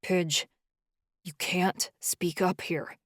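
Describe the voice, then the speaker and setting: A woman voicing a protective young man who speaks in a low, strained, subdued way in an audiobook. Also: fairly even intonation, unhurried, dry recording, studio quality.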